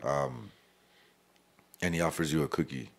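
A very deep, low-pitched male voice. He chats casually as a podcast guest, swearing freely and dropping Spanish slang into his stories. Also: measured pace, vocal fry. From El Paso, Texas. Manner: profane, streetwise storytelling mixed with Spanish slang.

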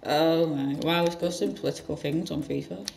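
A gaming channel host giving rambling let's-play commentary with sudden loud outbursts. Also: mid-range voice, moderate pace, gravelly, a little hiss or hum.

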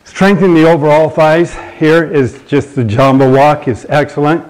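A man's voice: on the high side, fairly even intonation, moderate pace, darkish tone, poor audio. Man in his sixties demonstrating exercises. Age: 60s. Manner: explains while demonstrating exercises on a rebounder. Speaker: fitness show host. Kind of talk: live demonstration and Q&A.

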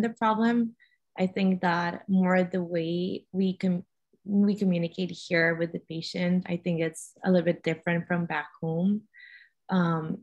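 A woman with a Spanish accent answering as a physician on a panel, careful and pausing with ums. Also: lowish voice, darkish tone. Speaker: physician guest.

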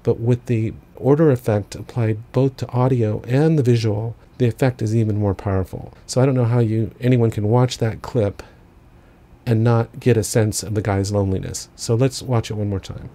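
A man's voice: lowish voice, steady tone, normal speed, warm tone. A man explaining a filmmaking technique as an instructor, talking it through step by step with casual asides. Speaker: film school instructor. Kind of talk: explanatory lesson narration.

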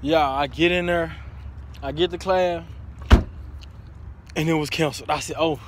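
A young man, a college student, chatting casually to the camera, slangy and animated, swearing and then saying sorry. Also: on the high side, unhurried, noisy background. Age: young adult.

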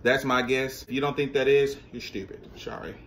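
A man hosting a casual reaction vlog, speaking straight to his viewers in an animated, slangy way. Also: medium pitch, normal speed, slight background noise. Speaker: vlogger.

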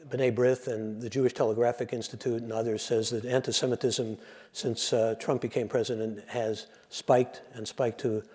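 An older man giving a lecture, telling jokes and acting out the voices in them. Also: mid-range voice. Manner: animated storyteller, acts out joke voices. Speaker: lecturer and radio host.

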